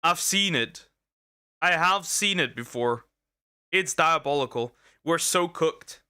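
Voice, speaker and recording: Young male streamer, rambling slang-heavy jokester, bright, dry close sound. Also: on the high side, lively intonation, takes it slowly, clear, resonant tone, no echo. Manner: rambling, jokey, full of slang and restarts. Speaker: streamer reacting to a video. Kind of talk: casual reaction commentary.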